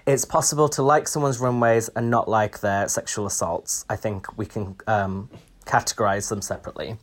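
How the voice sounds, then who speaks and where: A man's voice: fairly low pitch, steady tone, normal speed. Guy cohosting a podcast, wry and chatty, lots of ums. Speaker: podcast co-host. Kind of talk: casual chat.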